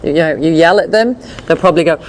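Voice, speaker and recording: A woman teaching a dog behavior class in a chatty, animated way, often acting out voices. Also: low-pitched, fast, a little hiss or hum. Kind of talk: informal lecture with slides.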